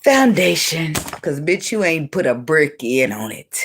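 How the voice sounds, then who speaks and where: A woman giving an unscripted tarot reading in a blunt, profane, animated way, breaking into laughs often. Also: sits low, unhurried, noisy background. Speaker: tarot reader.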